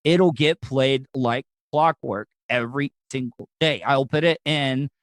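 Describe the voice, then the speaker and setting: A man from the South, hosting a casual podcast interview and rambling excitedly with lots of fillers and restarts. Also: mid-range voice, unhurried, no echo, studio quality. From Southern United States. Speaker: podcast host.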